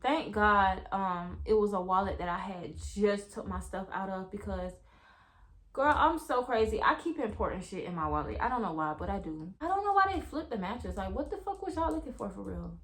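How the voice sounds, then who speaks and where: A young woman tells a story-time vlog straight to her viewers. Her delivery is casual and animated, full of slang and swearing, at an average pitch for a woman. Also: fairly quick. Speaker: vlogger.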